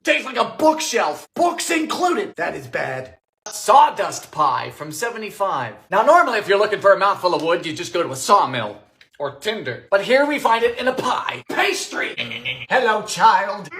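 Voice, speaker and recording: Young male baking host, lively bright voice, deadpan punchlines with loud bursts. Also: high voice. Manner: deadpan jokes with sudden loud outbursts. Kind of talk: comedic cooking narration. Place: home kitchen.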